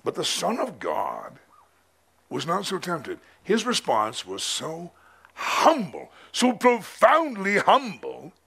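A male pastor preaching a sermon at a men's conference, dramatic and emphatic, with drawn-out pauses. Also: high voice, huge pitch swings, gravelly, a bit bright, breathy edge.

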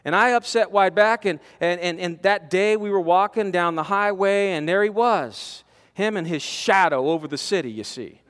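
A man preaching a storytelling sermon, animated, with stammering restarts, swinging from loud to hushed. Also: high-pitched, normal speed. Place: large conference hall. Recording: long reverb of a conference hall.

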